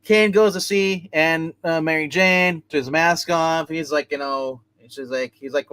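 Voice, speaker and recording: A man's voice: on the high side, steady tone, a little slow, hardly any pauses, fairly bright tone, clean tone. A man reviewing comic books in a casual, rambling way, retelling each plot with many restarts.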